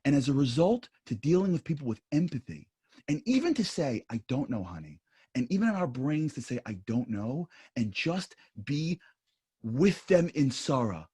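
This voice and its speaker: Panel speaker, male, husky, lively pitch, emphatic. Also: normal speed. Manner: animated, emphatic, drops to soft asides. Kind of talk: impassioned panel talk.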